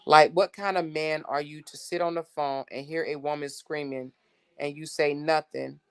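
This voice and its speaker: A woman's voice: sits low, fairly even intonation, moderate pace, clear, resonant tone. A woman hosting a casual livestream, reading text messages aloud to her viewers in an exasperated, blunt way and swearing freely. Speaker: livestream host.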